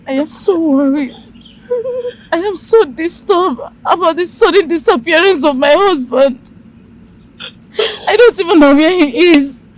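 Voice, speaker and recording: A worried young wife, played by an actress, comforting a weeping elder. Her voice is high and tearful but gentle. She pleads softly and keeps reassuring. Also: a little slow, long pauses, low-quality recording.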